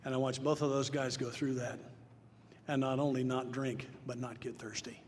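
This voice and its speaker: At a recovery meeting in a big hall, an older man from Nashville, Tennessee, shares his personal testimony in a medium-pitched, level voice at normal speed. His earnest, plain talk swells into loud emphasis, captured with long live reverb and faint noise.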